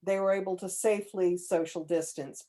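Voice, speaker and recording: A woman's voice: on the low side, fairly even intonation, moderate pace, mellow. A woman making casual announcements to a writing group on a video call, chatty and hesitant with frequent ums. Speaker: meeting organizer.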